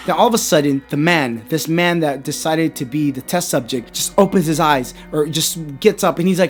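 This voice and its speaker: Rambling man in his thirties, higher voice. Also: brisk, few pauses, faint music behind. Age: 30s. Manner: rambling and conversational, with frequent asides. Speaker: horror story YouTuber. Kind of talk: casual retelling of a creepypasta.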